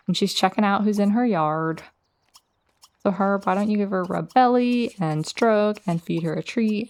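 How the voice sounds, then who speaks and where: A woman's voice: medium pitch, a little mellow. A woman hosting a casual let's play, chatting through her gameplay and talking straight to her game characters.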